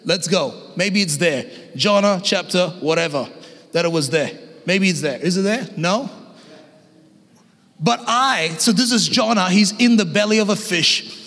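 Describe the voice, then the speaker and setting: An Australian man preaching a lively sermon as guest pastor, humorous and energetic, shouting at the peaks. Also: high voice, unhurried. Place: church hall. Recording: long church hall reverb.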